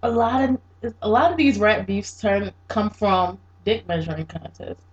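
A woman's voice: mid-range voice, lively intonation, normal speed. A woman co-hosting a casual podcast chat, mocking and laughing as she tells stories. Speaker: podcast co-host. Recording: dull lo-fi sound with faint noise.

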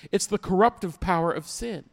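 A man's voice: high-pitched, fairly quick, gravelly. A man preaching a sermon as pastor, emphatic, repeating key lines and acting out little everyday scenes.

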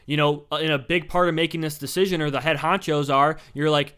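Bright, crisp-voiced young man ranting on sports. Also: a little high, fast, few pauses. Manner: animated, blunt, swears, acts out quotes. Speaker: sports commentator. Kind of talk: casual sports opinion talk.

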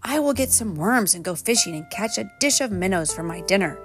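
A woman voicing a polite, fussy little gentleman frog while reading a storybook aloud. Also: mid-range voice, lively intonation, fairly quick, soft background music, close to an everyday voice. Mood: cheerful.

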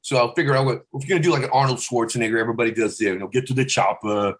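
A man's voice: mid-range voice, very fast. A male comedian and impressionist in a casual podcast chat, talking animatedly and dropping into celebrity impressions as he goes. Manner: animated, slips in and out of celebrity voices. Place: podcast studio.

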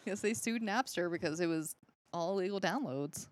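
A woman's voice: fairly low pitch, normal speed, no echo. A woman in her thirties, co-hosting a casual podcast, chatty and giggly, full of "like". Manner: giggly, chatty, uses "like" a lot. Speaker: podcast co-host. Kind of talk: casual chat.

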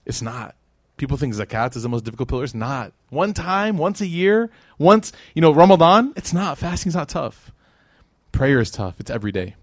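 Guy giving a lively religious lecture, jokey and chatty, voices the people in his stories, dry close sound. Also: on the high side, normal speed, no room sound. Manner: conversational and joking, with animated quoted voices.

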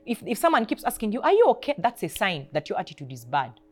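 A woman's voice: lowish voice, big pitch swings, fast, fairly bright tone. A woman hosting a faith podcast, exhorting listeners with short, emphatic commands about attitude at work. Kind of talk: motivational faith talk.

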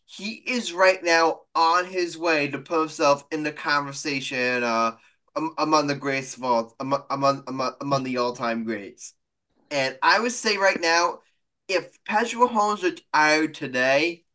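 A man's voice: fairly high pitch, measured pace, sharp tone. A man co-hosting a sports podcast, arguing emphatically in casual debate and often repeating and restarting his phrases.

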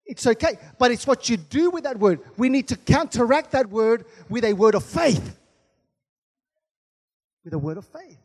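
A man's voice: extremely high pitch, animated, moderate pace, darkish tone. A man preaching a sermon as pastor, punctuating his points with calls of amen and hallelujah. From Australia. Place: large church hall. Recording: long hall reverb.

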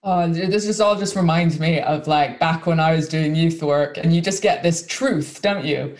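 An interview host talking in a lively, chatty way, sharing personal anecdotes before asking questions. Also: mid-range voice, normal speed. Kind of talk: casual interview talk.

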